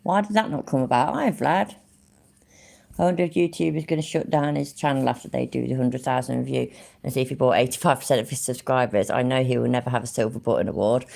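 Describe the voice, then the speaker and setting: A woman's voice: very deep voice, fairly even intonation, fast, gravelly, a little mellow. A woman giving casual commentary over a livestream, sarcastic and mocking, swearing freely.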